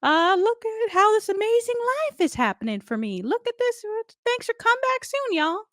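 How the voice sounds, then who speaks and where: A woman voicing a sweet, cheerful young woman who welcomes guests to a party in a high, drawn-out Southern drawl. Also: very animated, a bit bright, no echo, clean studio sound, exaggerated voice. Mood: sugary welcoming.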